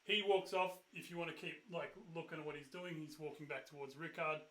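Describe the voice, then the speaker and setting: Bright-voiced man running a tabletop game. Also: on the high side, fairly quick, reverberant, poor audio. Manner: loose, rambling narration with fillers and sudden loud bursts for characters. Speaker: game master.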